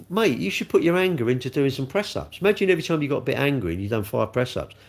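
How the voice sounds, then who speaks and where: Man in his sixties, gravelly and animated, hosts a live stream and banters with the chat. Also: mid-range voice. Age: 60s. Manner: chatty, jokey, answering viewers' comments. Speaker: livestream host reading chat.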